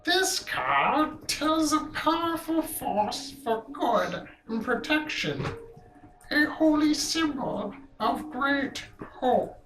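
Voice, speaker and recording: Old seer woman, played by a woman, solemn and portentous, slow high delivery, roomy sound. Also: very animated, a bit bright, full character voice. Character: old female fortune-teller reading cards, solemn.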